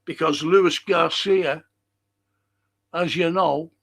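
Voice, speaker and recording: An older man from Liverpool with a strong Scouse accent hosts a casual live-stream chat. His voice sits high, and he rants with passion, jumping between loud bursts and low mutters as he reads out viewer messages. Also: fairly even intonation, slow. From Liverpool, England. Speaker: podcast host reading chat.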